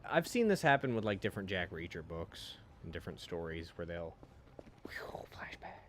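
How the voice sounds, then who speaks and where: A man's voice: low-pitched, big pitch swings, brisk, noisy background. A man streaming a game, chatting casually with lots of fillers and swearing. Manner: rambling, profane, frequent fillers. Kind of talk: casual chat while streaming.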